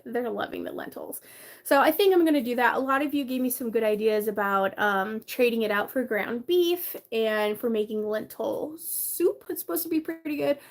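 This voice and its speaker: A woman's voice: on the high side, creaky. Chatty woman live-streaming from her bedroom. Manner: chatty, greets viewers by name, laughs often. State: tired, coughing. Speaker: livestream host. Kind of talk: casual live-stream chat.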